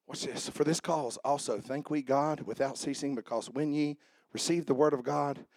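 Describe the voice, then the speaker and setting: A male pastor preaching a sermon to his church, swinging between shouted emphasis and low conversational asides. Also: steady tone, moderate pace, dry recording, studio quality. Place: church sanctuary.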